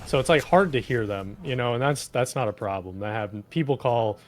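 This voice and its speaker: A man's voice: mid-range voice, brisk. A man chatting casually over gameplay, telling rambling stories, swearing and laughing often. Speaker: streamer co-host telling work stories.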